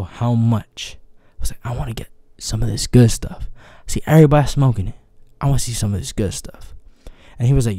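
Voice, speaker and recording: A young man telling a story in a casual vlog, animated, acting out the people he quotes with voice shifts and sound effects. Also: mid-range voice, no room sound, studio quality. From New York.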